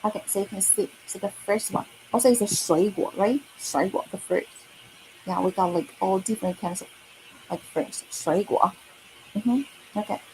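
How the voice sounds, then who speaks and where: A woman's voice: mid-range voice, normal speed, warm tone, a little hiss or hum, poor audio. A woman teaching a lesson, who repeats words and sentences patiently and checks in with frequent okays and rights. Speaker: Mandarin teacher. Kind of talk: online language lesson.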